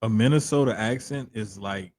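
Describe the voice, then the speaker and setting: A podcast co-host in casual sports chat, talking in an animated, slangy way. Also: male voice, fairly low pitch, normal speed, a little hiss or hum. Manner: animated, slangy, talks of having to control his accent on radio.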